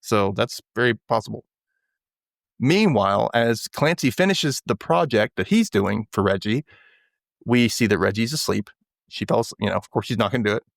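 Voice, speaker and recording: A man's voice: fairly low pitch, animated, moderate pace, vocal fry, no room sound, clean studio sound. A man hosting a podcast, casually recapping a TV episode and acting out the characters' lines in little voices. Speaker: podcast host.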